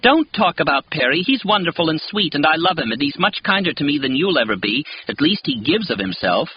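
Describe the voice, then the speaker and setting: Audiobook, male narrator doing an emotional young woman, raised and high, muffled recording. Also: big pitch swings, fairly quick, slightly rough, heavily acted. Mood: defiant. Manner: raised, emotional delivery in higher voice. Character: distraught young woman, desperate, volatile. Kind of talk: audiobook character voice. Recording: dull, lo-fi with faint hiss.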